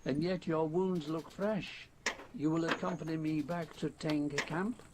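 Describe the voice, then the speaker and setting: A man's voice: a little high, steady tone, unhurried, very noisy, lightly acted. A man voicing an airy, courteous stranger who arrives in a strange sphere, in an audiobook reading. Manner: airy, courteous, peculiar accent. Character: suave tall stranger man from a rolling sphere.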